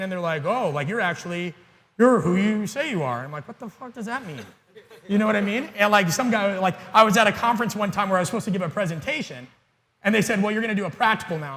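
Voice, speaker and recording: Blunt, bright-voiced man lecturing coaches. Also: high voice. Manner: blunt, energetic, profane storytelling. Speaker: keynote speaker and coach. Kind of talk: seminar talk to coaches. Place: conference hall. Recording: long hall reverb.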